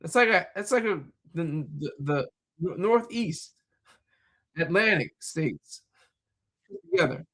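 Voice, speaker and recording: A man's voice: high-pitched, animated, a little slow, long pauses, sharp tone. A man talking in a loose, rambling monologue, full of fillers, repeated words and restarts.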